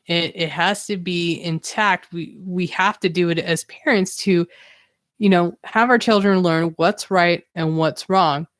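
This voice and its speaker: A woman's voice: on the low side, a bit bright, no room sound, clean studio sound. A young woman hosting her own podcast live stream, talking candidly and a bit ramblingly. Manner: candid, rambling, self-reflective. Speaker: podcast host. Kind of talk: casual solo live-stream talk.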